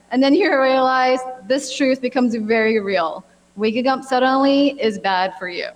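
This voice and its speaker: A woman in her thirties, a gynecologic oncologist giving a friendly, chatty health talk with a lot of fillers. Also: on the high side. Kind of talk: health expo presentation. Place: large hall. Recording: long hall reverb.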